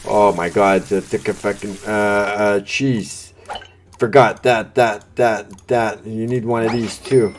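A man's voice: fairly low pitch, flat delivery, slow, a little hiss or hum. Frantic, cursing gamer man. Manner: frantic, swearing under pressure, talks to customers. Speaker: gameplay streamer. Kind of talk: live gameplay commentary. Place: home gaming setup. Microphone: desk microphone.

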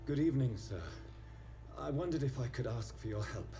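A man voicing a grave, polite male doctor turned vampire, formal and measured in video game dialogue. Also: mid-range voice, over music, close to an everyday voice.

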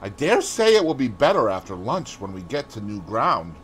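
A man voicing a hot-tempered aristocratic hunter who exclaims loudly, in an audiobook reading. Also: medium pitch, wildly swooping pitch, normal speed, a little hiss or hum. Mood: offhand. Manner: loud and exclaiming.

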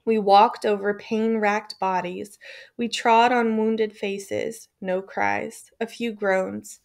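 A woman reading a memoir aloud in a measured, somber way. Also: medium pitch, steady tone, creaky. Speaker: audiobook reader.

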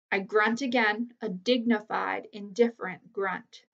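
A woman reading a children's novel aloud as a teacher, with steady, clear storytelling. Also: medium pitch, unhurried, far from the mic. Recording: slightly muffled lo-fi recording.

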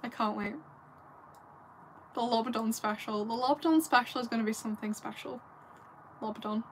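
A young woman from the north of England chats casually on a livestream, giggling and rambling as she answers viewers at home. Her voice is on the high side and her pace moderate, with slight background noise.

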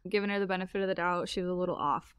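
A woman telling a personal story as a podcast guest, chatty and animated and laughing often. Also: lowish voice, rapid-fire, clean tone, no echo, studio quality. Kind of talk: casual storytelling.

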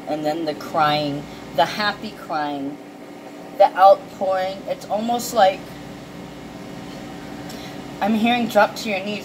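Woman, casual tarot reader, emotional, chatty, salty language; mid-pitched voice. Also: takes it slowly, pauses often, background noise. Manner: chatty and emotional, swearing freely. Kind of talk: casual intuitive card reading.

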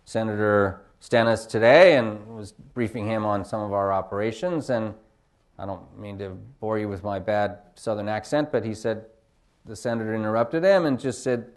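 A man's voice: fairly low pitch, moderate pace. A film director on a panel, answering reflectively and searching for his words with many fillers. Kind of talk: panel discussion.

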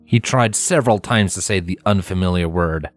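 Low-voiced man reading a story. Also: moderate pace, faint music behind. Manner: steady storytelling, acting out dialogue. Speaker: narrator. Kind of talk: fanfiction reading.

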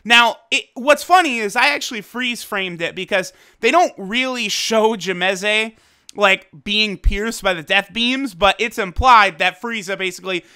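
Guy rambling thru an anime episode review, high bright voice, super clear. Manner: excitable, loose slang, lots of fillers. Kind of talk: casual commentary.

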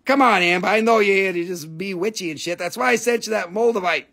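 Talking fast in a high, creaky, somewhat bright voice, this rock seller hosts his live sale stream, joking around and cursing freely in non-native, broken English.

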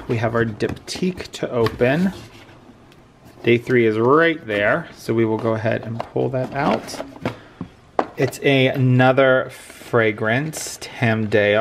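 A man's voice: medium pitch, vocal fry, noisy background. A man hosting a casual holiday vlog, upbeat and chatty as he opens advent calendars. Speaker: vlogger.

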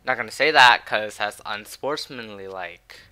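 A man commentating his own match, swearing and swinging from low muttering to shouted taunts. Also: a little slow, clear, resonant tone. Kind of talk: raging gameplay commentary.

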